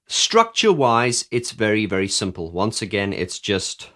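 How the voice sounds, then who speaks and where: This male reviewer breaks down the keyboard work on an album in an animated, fairly bright mid-range voice. He keeps a measured pace with hardly any pauses, and his enthusiastic, casual talk rambles with frequent restarts and bursts of singing along.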